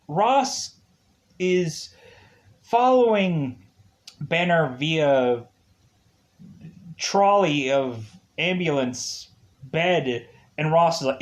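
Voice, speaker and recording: A man's voice: on the high side, lively intonation, extremely slow, long pauses. A man casually reviewing a movie, laughing often and acting out quotes as he retells it.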